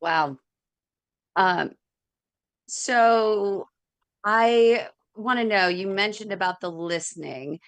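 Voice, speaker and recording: A woman's voice: mid-range voice, slow pace, long pauses, a bit bright, no echo. A woman hosting an interview, asking long, chatty questions with a self-deprecating manner. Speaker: interview host.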